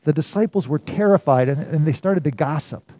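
A man preaching a sermon, telling a story and swinging from loud emphasis to hushed, quiet lines. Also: on the high side, brisk. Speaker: pastor.

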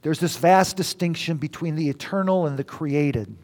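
A middle-aged man preaching a sermon, swinging between loud exclamations and near whispers. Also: fairly high pitch, moderate pace. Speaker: pastor.

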